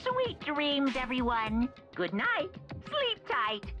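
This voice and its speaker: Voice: sits high, big pitch swings, slow pace, highs cut off, music in the background, heavily acted. A performer voicing a mocking robot bear headmaster who gives mock-cheerful, sing-song announcements in a game.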